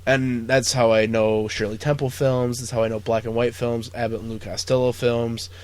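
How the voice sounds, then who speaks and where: A male podcast host talking casually about movies, mid-pitched and chatty. He rambles with plenty of fillers and swearing. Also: flat delivery, moderate pace. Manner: rambling, profane, lots of fillers. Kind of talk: casual chat.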